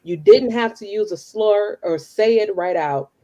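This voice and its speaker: A woman from Chicago performs her spoken word poetry in an interview. Her delivery is rhythmic and emphatic, her voice sitting at an ordinary middle pitch. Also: unhurried, muffled recording. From Southside of Chicago. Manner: relaxed, casual talk with fillers when chatting. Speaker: poet.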